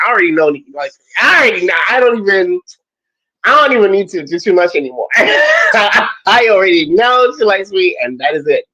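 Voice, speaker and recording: Lively high-voiced man chatting animatedly. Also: breathy edge, low-quality recording. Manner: animated, playful, laughs often, swoops into high squeals. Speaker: podcast host. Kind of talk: casual chat.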